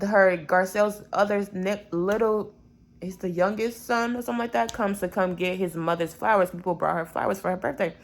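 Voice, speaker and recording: A young woman recapping a reality show episode in a chatty, gossipy way, with sarcastic asides. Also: mid-range voice.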